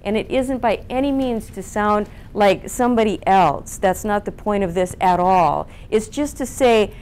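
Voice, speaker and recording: A woman teaching public speaking at a seminar, asking the room questions and acting out flat and lively voices. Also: medium pitch, unhurried. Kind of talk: seminar talk to a live group.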